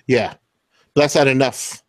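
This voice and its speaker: A man's voice: medium pitch, a little slow, no echo. A man co-hosting a casual podcast, giving short agreeing replies and dry quips. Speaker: podcast co-host. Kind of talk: casual round-table chat.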